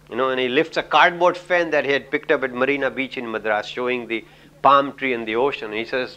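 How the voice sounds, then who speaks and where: A man's voice: mid-range voice, steady tone, fast, pushed and bright. A man with an Indian English accent giving a lecture, telling anecdotes in a chatty way, full of "you know" and little chuckles.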